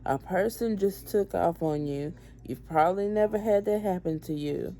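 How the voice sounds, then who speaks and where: Brief: woman storyteller, low-pitched, blunt and emphatic, swears freely. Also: moderate pace, dark tone. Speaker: vlogger, mother. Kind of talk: storytime vlog.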